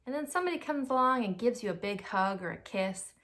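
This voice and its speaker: A woman preschool teacher reading a picture book aloud to young children in an expressive, child-directed way. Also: fairly high pitch, fast.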